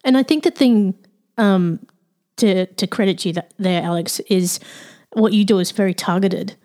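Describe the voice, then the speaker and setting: Mellow-voiced woman co-host. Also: medium pitch, normal speed. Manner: agreeable, reflective, many fillers and restarts. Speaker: podcast co-host. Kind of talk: casual podcast chat.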